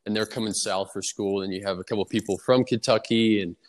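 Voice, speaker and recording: A young man, a baseball player, answering interview questions in a relaxed, easygoing way with lots of fillers. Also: on the low side, a little fast. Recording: long reverb on the voice.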